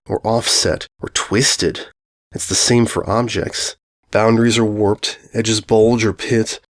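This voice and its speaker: A man narrating a first-person ghost story aloud, in a brooding, unhurried, musing way. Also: fairly low pitch. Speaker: audiobook narrator.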